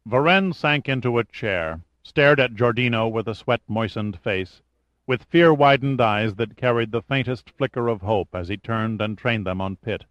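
A man reading an audiobook in a measured storytelling manner, in a dull lo-fi recording. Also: mid-range voice, fairly bright tone, no room sound. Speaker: audiobook narrator. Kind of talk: scripted narration.

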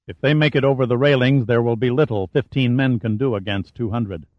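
A man voicing a tense male helicopter pilot in a low, grave, insistent tone, in a dull, dry audiobook recording. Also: a little fast, dry recording, lightly acted.

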